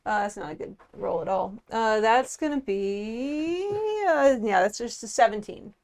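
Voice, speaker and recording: Slow, deliberate woman playing a tabletop game. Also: medium pitch, expressive, a little mellow. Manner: deliberate, pausing often with "uh". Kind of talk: casual tabletop game play.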